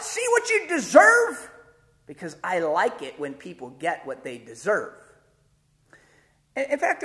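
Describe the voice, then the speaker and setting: Male pastor, very high voice, animated preacher who jumps into character for quotes. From Chicago area. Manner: animated storytelling, acts out quotes with big pitch jumps; repeats words when starting sentences. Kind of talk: sermon.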